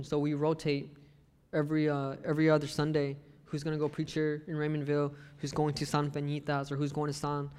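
A man's voice: fairly high pitch, clear, resonant tone. A man preaching in a church, his slightly raised voice trailing off into a long hall echo. He tells personal stories with life and acts out the people in them. The setting is a sermon. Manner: lively storyteller who acts out the people he quotes.

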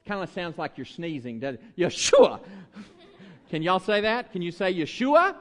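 A man's voice: sits high, big pitch swings, moderate pace, a bit bright. A man, a pastor giving a playful children's sermon in a church, coaxing the kids to repeat words after him. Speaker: pastor leading a children's talk. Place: church sanctuary. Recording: long reverb of a large church hall.

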